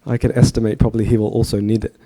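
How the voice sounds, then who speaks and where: A man's voice: fairly low pitch, level tone, very fast, mellow. A man in his thirties giving a storytelling sermon, chatty and asking his listeners questions. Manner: chatty, asks the audience questions. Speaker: speaker giving a temple talk.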